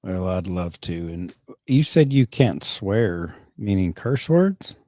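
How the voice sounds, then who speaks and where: A man's voice: low-pitched, big pitch swings, slow, mellow, dry recording. Guy hosting a podcast, dry close sound, rambles and restarts a lot. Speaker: podcast host. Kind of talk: casual chat.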